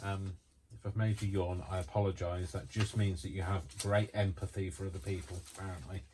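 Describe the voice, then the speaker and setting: Man, very low voice, casual craft chat, rambling, hesitant, frequent yawns. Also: flat delivery, fairly quick, background noise. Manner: rambling and hesitant, many ums and restarts; yawns often while talking. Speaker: craft vlogger.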